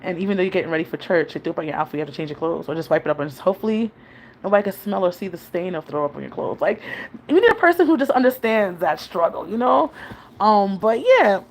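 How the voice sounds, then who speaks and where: A woman's voice: on the low side, lively intonation, fast talker, slight background noise. A woman, chatting casually to her viewers in a rambling way and laughing often. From New York City. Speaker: vlogger, mother. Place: home, New York.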